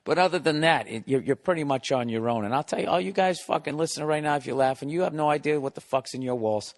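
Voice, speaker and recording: A man's voice: a little high, quick pace. A middle-aged man hosting his own podcast, ranting in a profane, exasperated comic monologue with sarcastic asides. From United States. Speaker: podcast host. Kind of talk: solo comedic rant.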